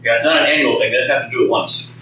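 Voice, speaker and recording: A man's voice: mid-range voice, very fast, far from the mic, noisy background. Man teaching a group in an echoey room. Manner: conversational, repeats words, questions the audience. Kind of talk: live teaching talk to a group. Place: meeting room with an audience.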